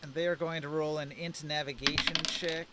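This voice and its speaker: A man's voice: a little high, steady tone, normal speed, very noisy. A man narrating as game master, easygoing, with frequent fillers.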